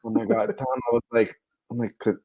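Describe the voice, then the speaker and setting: A man's voice: medium pitch, very animated, quick pace, gravelly, mellow, husky, no room sound. Guy comedian on a podcast, chuckling as he tells it, dead dry room. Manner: laughing storyteller. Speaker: guest comedian. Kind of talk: casual chat.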